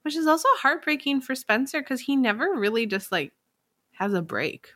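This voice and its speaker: Young woman co-host, expressive and laughing, bright sound, dry mic. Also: high voice, moderate pace, dry recording. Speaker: podcast co-host. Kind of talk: casual chat.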